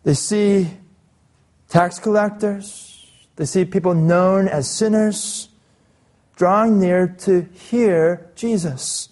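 High-voiced man preaching a sermon. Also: takes it slowly, a little mellow. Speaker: pastor. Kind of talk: expository sermon reading scripture aloud.

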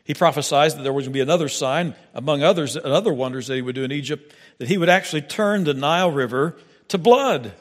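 An older man preaches with a slightly high voice, acting out scripture and breaking into stammering asides. His words ring out with a long echo, as if spoken in a large hall. The delivery is animated and dramatic. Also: fast. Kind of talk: sermon.

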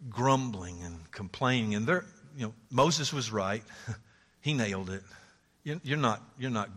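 A man preaching a sermon, swinging between loud exclamations and hushed asides, often laughing. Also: mid-range voice. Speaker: pastor. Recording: hall reverb.

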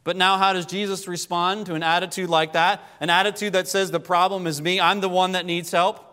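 Male preacher, high voice, sermon, swings between pleading and hushed lines, echoing hall. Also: level tone, a little fast, clean tone. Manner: rises to impassioned pleading, then drops low. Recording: long hall reverb.

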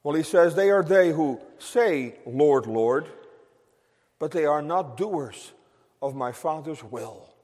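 A man's voice: fairly high pitch, unhurried, darkish tone, long reverb tail. A man preaching a sermon to his congregation in an earnest, emphatic way, repeating key phrases for weight. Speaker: pastor.

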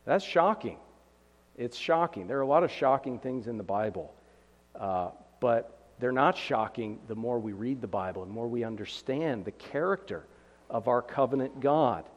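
A man's voice: mid-range voice, expressive, normal speed, lo-fi sound. Earnest preacher man in a reverberant hall. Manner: earnest, emphatic, reads scripture aloud with rising intensity. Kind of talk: expository sermon.

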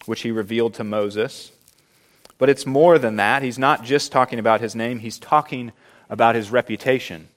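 Earnest man preaching a sermon. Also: mid-range voice. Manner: earnest, emphatic preaching with slowed stresses. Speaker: pastor.

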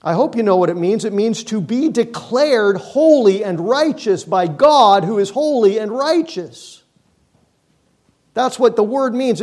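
A man with a high voice delivers a sermon at a slow, deliberate pace. He leans hard on repeated words, building force through lists before easing back. The tone is earnest pastoral preaching. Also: animated, a little mellow. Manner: emphatic, repeating key words with slow stresses and rising force.

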